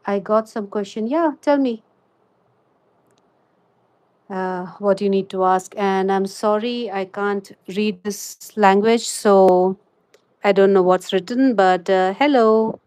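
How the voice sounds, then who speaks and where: A chatty woman streams a live crochet lesson, mixing tutorial and chat in a medium-pitched, slightly mellow voice. She fills pauses with "you know," and the recording is dry.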